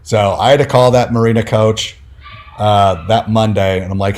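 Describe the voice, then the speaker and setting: Chatty man telling animated stories. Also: fairly low pitch, moderate pace. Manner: animated, filler-heavy, acts out quoted people. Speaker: podcast guest, fantasy football analyst. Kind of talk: casual storytelling.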